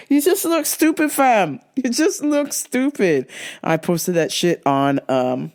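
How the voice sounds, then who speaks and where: A woman's voice: medium pitch, expressive, slow, darkish tone. Blunt, profane woman with a stuffy nose. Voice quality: blunt and profane, laughs often. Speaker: podcast host. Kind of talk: casual profane podcast rant.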